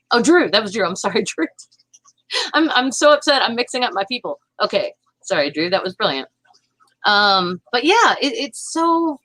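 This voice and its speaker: A woman with a Southern accent hosting a livestream, ranting fast about politics and reading out viewer comments. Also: medium pitch, bright, forceful tone, no room sound, rough recording. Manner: fast, heated, talks to chat viewers. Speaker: livestream host reading chat. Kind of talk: casual political livestream chat.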